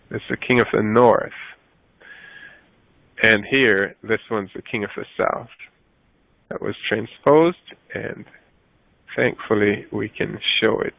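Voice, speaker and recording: A man leads a scripture lesson, and his voice goes up whenever he reads the verses aloud. He pauses to fix his own mistakes as he goes. The sound is thin and phone-like, with a dry, close feel. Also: creaky, no echo. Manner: rises in pitch when reading scripture aloud, self-correcting. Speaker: Bible teacher.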